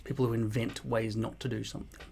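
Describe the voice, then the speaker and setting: Speaking fast in a medium-pitched, level voice that's creaky and a little mellow, a vlogger reads and answers comments. There's a little hiss or hum, and his casual monologue is blunt, mock-boastful and full of swearing.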